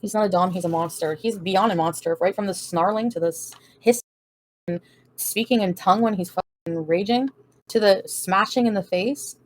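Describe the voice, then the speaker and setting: A woman's voice: medium pitch, moderate pace, no echo. Blunt, profane woman livestreamer. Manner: blunt, profane, defiant, laughs often. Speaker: livestream host answering chat. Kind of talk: casual livestream chat.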